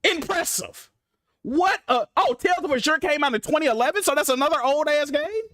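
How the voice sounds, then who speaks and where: A young man streaming live about games, ranting in an exasperated, profane way with big swings between loud outbursts and mutters. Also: very high-pitched, animated, fast, no room sound, clean studio sound. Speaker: gaming streamer.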